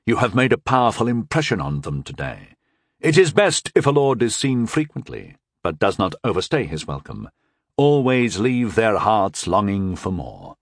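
Dutiful knight advisor, courtly and measured, lively pitch, dry close sound, read by a male narrator. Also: no echo. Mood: approving. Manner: courtly archaic phrasing, measured. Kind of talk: audiobook character voice.

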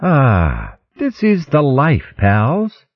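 A man's voice: medium pitch, huge pitch swings, drawn-out words, no room sound, lo-fi sound, pitched above the performer's own voice, exaggerated voice. A man voicing a cheerful young female hedgehog who talks in a chirpy way. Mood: contented.

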